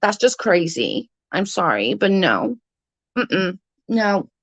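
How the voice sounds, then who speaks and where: A woman's voice: medium pitch, very animated, takes it slowly, fairly bright tone, no room sound. A woman ranting to her livestream viewers, indignant and swearing, speaking straight to her chat.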